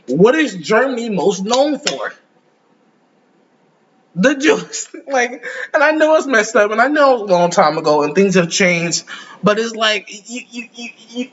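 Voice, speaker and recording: A man's voice: very high voice, fairly bright tone, dull audio. A man hosting a reaction video, talking casually with slang, swearing and rambling between laughs.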